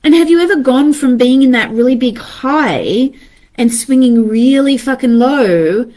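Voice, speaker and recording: Woman in her thirties, animated, swears freely, fairly high voice, acts out inner voices. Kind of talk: casual talk to viewers.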